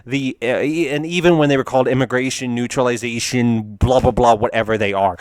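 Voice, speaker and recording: A man's voice: medium pitch, no echo, clean studio sound. A man giving casual reaction commentary on memes, ranting and profane, laughing often.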